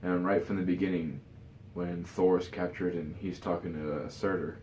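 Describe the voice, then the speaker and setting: He speaks at a moderate pace in a low, warm, level voice, a tired vlogger musing casually and rambling with plenty of "you know" fillers and restarts. The recording is reverberant, with slight hiss or hum.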